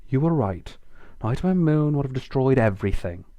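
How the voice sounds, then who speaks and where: A man doing a hushed, sorrowful pony princess. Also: mid-range voice, moderate pace, no room sound, close to an everyday voice. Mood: subdued. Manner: quiet, subdued, flat.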